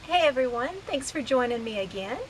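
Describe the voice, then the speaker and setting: A woman in her thirties, a vlogger, talks casually to the camera from her outdoor back porch deck, laughing easily and making fun of herself. Her voice is slightly high, expressive and fairly quick. The recording is rough, with a little hiss or hum and faint outdoor ambience behind her.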